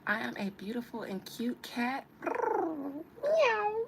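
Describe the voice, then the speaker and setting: A woman putting on the voice of a cute, playful little cat, meowing high and squeaky. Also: huge pitch swings, takes it slowly, creaky, very noisy, exaggerated voice.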